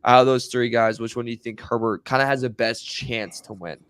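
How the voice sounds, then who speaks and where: A man's voice: medium pitch, steady tone, brisk, fairly bright tone, smooth, no echo. A man hosting a sports podcast who leads the topics and laughs easily. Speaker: podcast host. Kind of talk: casual sports chat.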